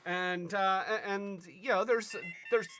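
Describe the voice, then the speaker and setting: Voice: mid-range voice, fairly even intonation, slow, noisy background. A livestream host casually reviewing toys, rambling with stammering restarts and playful asides. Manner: bursts into silly sing-song jingles.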